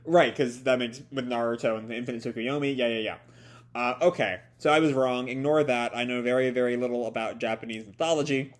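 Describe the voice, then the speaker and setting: A man's voice: mid-range voice, fairly even intonation, a little fast. Stuffy-nosed young man rambling a reaction. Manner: rambling with many ums and self-corrections. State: stuffy nose, tired late at night. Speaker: manga reaction host. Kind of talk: live manga chapter reaction.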